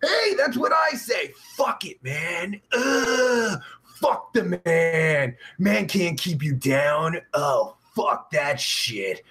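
A young man hosts a live stream, reading out chat and riffing in a rambling, profane, sarcastic way. His voice sits high for a man and swoops all over the place, broken up by groans and long sighs. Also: big pitch swings, extremely slow, a bit bright.

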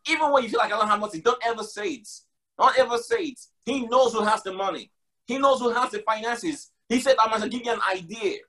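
A man's voice: high-pitched, animated, fast talker, sharp tone. A man preaching a sermon, emphatic and repetitive, mixing casual slang with scripture. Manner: emphatic, repeats lines for stress.

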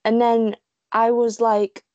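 A woman from the UK chatting casually, telling fan stories in a gushing, giggly, animated way. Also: a little high, takes it slowly, no room sound, highs cut off. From United Kingdom. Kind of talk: casual chat.

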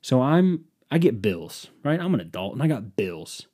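A man's voice: medium pitch, very animated, normal speed, mellow. A young man hosting a podcast, telling a profane, exasperated story in a casual solo rant. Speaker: podcast host.

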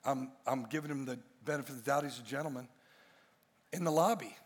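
A male pastor preaches quickly to a congregation from a church stage, his mid-range voice slightly rough as it fills a large hall. He is emphatic, mixing jokes with plenty of rhetorical questions.

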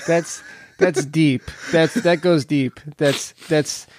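A man's voice: a little high, steady tone, slow, a little hiss or hum. A man co-hosting a podcast in casual chat, talking eagerly and often restarting his sentences. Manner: chatty, repeats words when he restarts. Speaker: podcast co-host.

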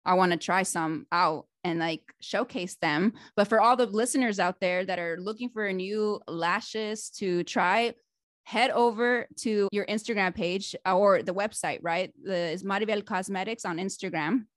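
A woman hosting a podcast interview, chatty and animated, laughing often and restarting her sentences. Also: medium pitch, normal speed, no room sound, clean studio sound. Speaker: podcast host. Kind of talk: casual interview chat.

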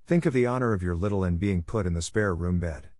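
A man's voice: deep voice, quick pace, darkish tone, no room sound, clean studio sound, lightly acted. A man voicing an eager, chatty, imaginative young girl who gushes and pleads breathlessly. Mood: pleading.

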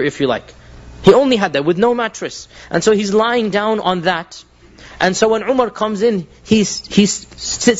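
A man preaching a sermon, telling stories in an animated way, repeating phrases and using Arabic religious terms. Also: sits high, highs cut off.

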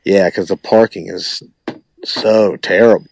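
A man, a musician guest on a podcast, chatting casually in a relaxed, rambling way with lots of hedging. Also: sits low, a little slow, vocal fry, slight background noise. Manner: relaxed, rambling, hedges a lot. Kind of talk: casual chat.

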